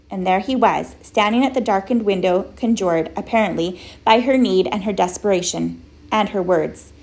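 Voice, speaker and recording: Woman audiobook narrator, steady and measured, with a gravelly voice. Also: mid-range voice. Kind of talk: scripted storybook narration.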